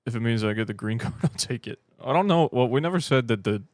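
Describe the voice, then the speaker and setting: A British man with a mid-range, expressive voice talks fast while hosting a fan channel livestream, joking casually as he answers viewer comments. He rambles, pokes fun at himself and keeps restarting his sentences. The recording has no room sound.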